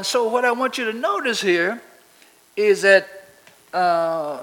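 A man's voice: high voice, pushed and bright, rough recording. A man preaching a sermon, often asking the congregation to finish his sentences and building to emphatic declarations. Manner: call-and-response questions to the congregation.

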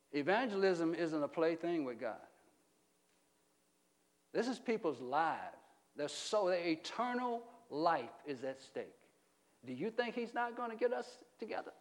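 Preaching as pastor, a middle-aged man keeps asking his congregation questions in call-and-response fashion. He pauses often and keeps a measured pace, with big pitch swings taking him from loud emphatic peaks down to quiet low stretches.

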